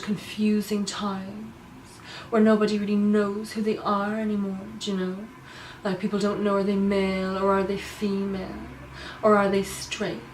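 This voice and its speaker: A woman's voice: mid-range voice, a little mellow, lightly acted. An actress playing a self-absorbed young woman vlogging about her life, rambling smugly and tagging "do you know" onto her lines. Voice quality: rambling, smug, says "do you know" constantly. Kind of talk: comedy monologue to camera. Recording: roomy, distant mic, faint hum.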